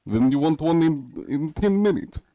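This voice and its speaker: A big, blunt Russian cheat hunter, put on by a man with a mock Russian accent, pushing his voice noticeably higher than usual. He speaks in clipped broken English with dropped articles. The sound is dry and a little dull, like lo-fi stream audio. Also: expressive, moderate pace, warm tone, no room sound, lightly acted. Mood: gruff, indignant.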